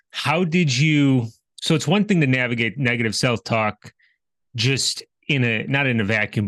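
A man's voice: medium pitch, fairly bright tone, no room sound. A man hosting a podcast, asking thoughtful, rambling questions in an interview. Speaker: podcast host.

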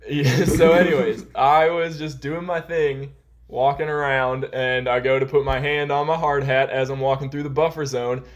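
A man's voice: mid-range voice, steady tone, moderate pace. A young man telling a long work story in casual podcast chat, rambling with lots of "like" and "um". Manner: rambling, heavy use of "like" and "um". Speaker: podcast co-host.

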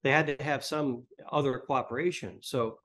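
Measured man explaining history. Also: medium pitch, steady tone, a bit bright. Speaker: history professor, interview guest. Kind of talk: interview, explaining.

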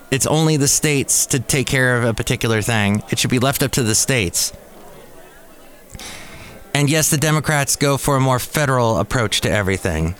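A man's voice: mid-range voice, a bit bright. A man hosting a podcast from a cafe. He talks in a casual, rambling monologue full of jokey, sarcastic asides. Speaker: podcast host.

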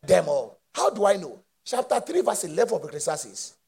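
A man preaching a sermon with impassioned call-and-response and shouted peaks. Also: sits high, sing-song, brisk, vocal fry, husky.

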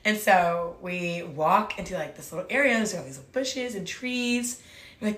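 A woman's voice: mid-range voice, brisk, fairly bright tone. A woman casually telling a story, chatty and full of "like", acting out what people said. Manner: chatty, fills talk with "like", acts out quotes. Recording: roomy echo.

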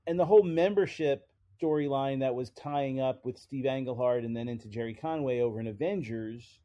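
A man's voice: medium pitch, a little fast, dark tone. A man co-hosting a chat show, explaining comic book history and trivia in a casual, slightly hesitant way. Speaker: podcast co-host.

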